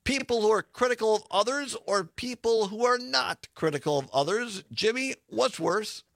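Upbeat radio host guy reading out listener messages, laughs a lot, voice jumps around, kinda high. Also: animated, moderate pace, vocal fry, fairly bright tone, no room sound, clean studio sound. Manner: upbeat, laughs often, reads messages aloud. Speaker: radio talk show host. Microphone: studio microphone.

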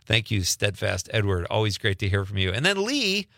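A male radio co-host with a lively, swooping delivery and a bright, forward tone. He jokes around and reads listener texts with playful mock outrage. The studio sound is close and dry. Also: on the low side, normal speed, no echo. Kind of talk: casual radio banter, reading listener texts.

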